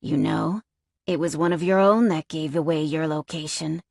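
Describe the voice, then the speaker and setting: A woman voicing a sadistic, taunting male captor in an audiobook, speaking in low, slow, menacing tones. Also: steady tone, creaky, darkish tone, dry recording.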